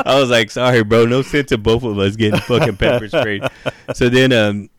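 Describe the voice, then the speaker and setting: A man's voice: mid-range voice, animated, moderate pace, no room sound. Profane, laughing man telling stories. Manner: profane, laughing anecdote teller. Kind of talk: casual storytelling chat.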